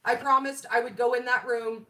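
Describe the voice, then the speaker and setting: A woman's voice: fairly high pitch, steady tone, moderate pace, bright, forceful tone. A woman in her forties hosting a casual live-stream chat about keto food, bubbly and laughing often, greeting viewers by name. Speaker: keto food channel host. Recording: echoey room.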